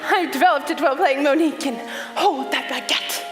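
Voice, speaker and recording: A young woman as a vain glamorous showgirl bride, very high bright voice, dramatic and breathless. recorded live in an echoey theater hall with a long tail and music playing under it. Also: fairly quick, lightly acted. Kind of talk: stage musical acting.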